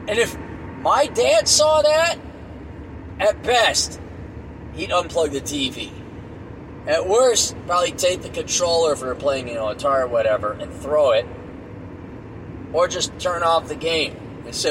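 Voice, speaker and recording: A middle-aged man rants bluntly from behind the wheel, cursing freely and growing exasperated. His voice sits high and swings widely in pitch. Clear road noise from the moving car runs under everything. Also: lively intonation, a little slow. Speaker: podcast host. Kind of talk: solo rant while driving.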